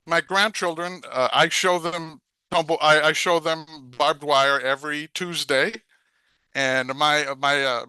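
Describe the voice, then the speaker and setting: A man's voice: a little high, bright, forceful tone, clean tone, dry recording. An older man, an open mic performer, doing a poetry reading over a video call, hesitant between poems.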